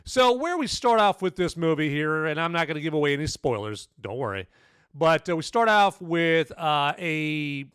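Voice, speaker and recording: A man with a slightly raised voice talks his way through a casual review in a loose, rambling manner, full of fillers and check-ins with the listener. His voice is smooth and clear, recorded dry and close. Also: on the high side, sing-song, moderate pace, a bit bright, no room sound. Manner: rambling, many fillers and "okay?" tags. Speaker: podcast movie reviewer.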